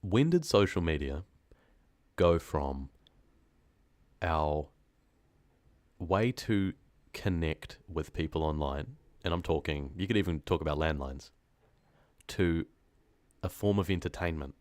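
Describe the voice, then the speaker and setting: A man with a very low voice chats casually into a close microphone, his nose stuffed up from a cold. He rambles, teases himself and laughs often. The sound is dry, with no room around it. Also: animated, takes it slowly, long pauses, a little mellow, no room sound. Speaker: horror story narrator streaming live. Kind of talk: casual live-stream chat, reading comments.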